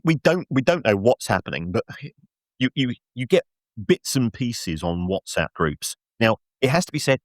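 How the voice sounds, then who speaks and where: A middle-aged man, a football finance expert guest on a podcast, telling an animated story with lots of restarts and self-mocking laughs. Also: mid-range voice, no echo, clean studio sound. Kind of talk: casual podcast anecdote and analysis.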